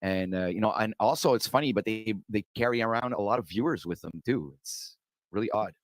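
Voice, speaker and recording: A man speaks as a guest on a livestream panel, with a lowish voice and a quick pace. He rambles, stacks up repeated words and restarts, and leans on "it's like" and "uh", all in a dry, close sound. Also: dry recording. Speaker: panel guest, fellow streamer. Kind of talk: casual livestream chat.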